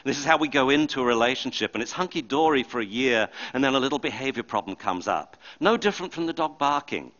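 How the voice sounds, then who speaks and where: A man's voice: mid-range voice, lively intonation, fast, hardly any pauses, fairly bright tone, dull audio. A man, a dog trainer giving a stage talk, who tells anecdotes animatedly and acts out the people in his stories. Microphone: body or handheld mic.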